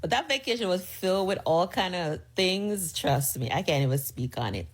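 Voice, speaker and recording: A woman's voice: on the low side, lively intonation, normal speed. A middle-aged woman with a sassy, chatty manner, telling a personal story in a casual storytime. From United States.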